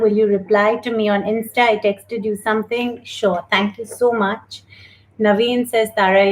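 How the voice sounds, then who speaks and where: A woman hosting a live online yoga class, calmly guiding breathing exercises, then chatting warmly with viewers. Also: mid-range voice. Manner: calm, gentle and slow while guiding breathing. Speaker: yoga instructor and host. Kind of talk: guided yoga instruction and live chat. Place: home, indoors. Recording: echoey room with faint noise.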